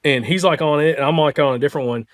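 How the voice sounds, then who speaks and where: A man, a podcast host, telling a story in casual chat and acting out the quotes with animated energy. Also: fairly high pitch, very fast. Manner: animated, excitable storyteller who acts out quotes.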